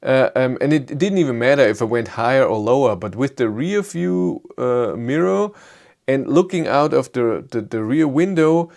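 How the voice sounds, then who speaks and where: A man with a German accent, hosting a live stream and chatting with viewers in English in a halting, rambling way. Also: mid-range voice, lively intonation, creaky, a little mellow. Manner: rambling, halting, frequent restarts. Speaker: YouTube car channel host.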